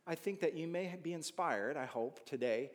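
Animated male preacher in a reverberant hall. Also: fairly high pitch, normal speed. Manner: animated, with sudden rises and hushed asides. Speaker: pastor. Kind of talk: sermon.

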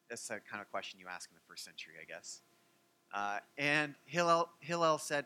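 Bright-voiced joking pastor. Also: male voice, mid-range voice, moderate pace, pauses often, clear, resonant tone. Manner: animated and joking, with many fillers. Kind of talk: sermon.

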